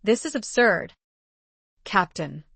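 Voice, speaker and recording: A woman voicing a spirited young woman in disguise, with a defiant, sharp-tongued manner. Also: mid-range voice, expressive, slow, vocal fry, breathy edge, no room sound, heavily acted.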